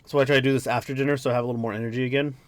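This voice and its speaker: A man's voice: mid-range voice, steady tone, very fast, no echo. A young man reading a manga aloud and reacting casually, tired after work, swearing, laughing and easily sidetracked. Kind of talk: casual read-along reaction. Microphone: dry home mic.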